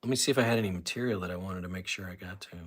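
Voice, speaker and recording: His voice is low, slightly rough and racing fast as this man hosts a relaxed live stream. He wanders through his room, where there's a wall of autographs, rambling and reading viewer comments out loud.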